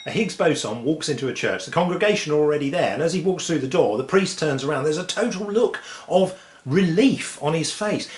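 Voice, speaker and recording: A man telling science jokes in a lively way, dropping punchlines deadpan. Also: on the high side, normal speed. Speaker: host. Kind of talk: comic joke telling. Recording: echoey room with faint noise.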